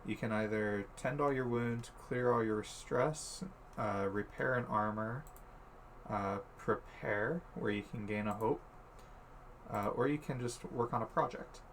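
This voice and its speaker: A man acting as game master, explaining tabletop rules in a relaxed way with frequent fillers. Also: medium pitch, a little slow, a little hiss or hum.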